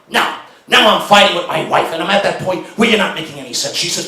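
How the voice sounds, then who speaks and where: A middle-aged man doing a stand-up comedy routine, telling a story and acting out shouted arguments. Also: high-pitched, animated, fast. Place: stage before a live audience. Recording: roomy live venue sound.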